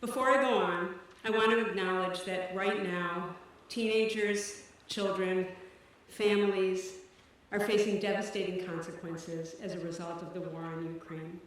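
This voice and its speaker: A woman's voice: fairly low pitch, fairly even intonation, recorded from a distance. Woman giving an earnest speech in an echoey hall. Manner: earnest, measured, slightly breathless delivery. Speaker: director of a teen services program. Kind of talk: formal benefit event speech. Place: event stage in a large hall.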